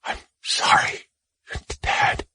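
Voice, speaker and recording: A man voicing a grieving young man who whispers a tearful farewell in a raspy, quavering voice. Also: extremely slow, pushed and bright, no room sound, full character voice.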